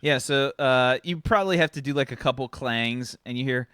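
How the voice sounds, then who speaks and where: A woman's voice: extremely low pitch, moderate pace, hardly any pauses, a bit bright, smooth, no echo, studio quality. A woman narrating a tabletop game as game master, chatty with many fillers.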